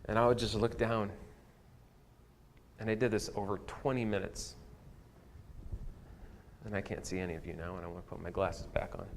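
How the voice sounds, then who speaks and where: A man's voice: lowish voice, creaky, a little hiss or hum. Candid storytelling male pastor. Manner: candid, personal storytelling, self-deprecating. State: tearful at times. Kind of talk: sermon. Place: church sanctuary.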